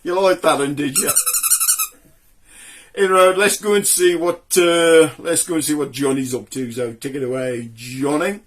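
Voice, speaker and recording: A man's voice: fairly high pitch, a little slow. A man with a Black Country accent, hosting a comedy show and telling jokes in a chatty way. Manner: chatty joke-teller. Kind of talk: comic storytelling.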